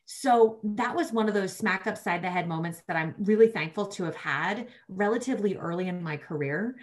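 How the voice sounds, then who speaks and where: A woman guest on a podcast telling career stories in casual chat, animated and peppered with "like". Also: mid-range voice, normal speed. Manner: animated storyteller, acts out quoted voices, frequent "like". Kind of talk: casual interview storytelling.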